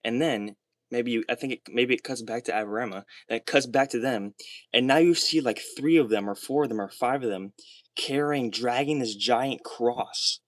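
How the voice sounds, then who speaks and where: A young man rambles excitedly on a livestream from a small room. His voice sits in an ordinary middle pitch, and the sound is very dry and close. He piles up fillers and restarts as he gets carried away. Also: moderate pace, no echo. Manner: excitable, rambling, heavy swearing and filler words.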